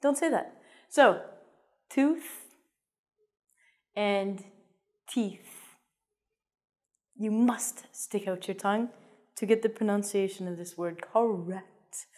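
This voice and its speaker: A woman's voice: medium pitch, slow, long pauses, a little mellow. A woman teaching an English vocabulary lesson in a playful, jokey way, with theatrical asides.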